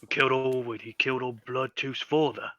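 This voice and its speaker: A man narrating as dungeon master in a tabletop game, with loose, animated description. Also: mid-range voice, a little fast, no echo, highs cut off.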